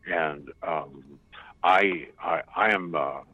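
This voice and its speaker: A man calling in as a guest on a talk show, speaking haltingly with many repeated starts and fillers. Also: low-pitched, bright, forceful tone, breathy edge, dry recording. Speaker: phone-in guest. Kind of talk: casual talk-show chat. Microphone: phone call. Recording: narrow phone line, dry and muffled.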